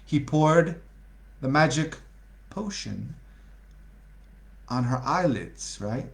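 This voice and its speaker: A man's voice: mid-range voice, expressive, slow pace, creaky. A man reading a storybook aloud to a live audience, playfully asking them questions as he goes. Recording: roomy echo.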